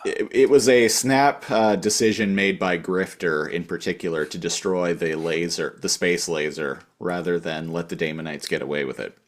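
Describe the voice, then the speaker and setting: A man's voice: low-pitched, fairly even intonation, normal speed, few pauses. A man co-hosting a casual review podcast, recapping plot in a rambling way with lots of fillers. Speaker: podcast co-host.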